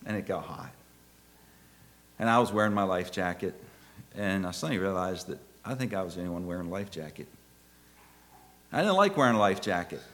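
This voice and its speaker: A middle-aged man preaching a sermon through a personal story, his pitch leaping and falling with lively expression. He drops to hushed tones, then rises to loud, exclaiming peaks. His voice has a bright, forceful edge.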